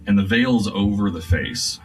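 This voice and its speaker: A man narrating scenes as game master of a tabletop game, describing them slowly with many fillers. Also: fairly low pitch. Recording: distant mic with faint music.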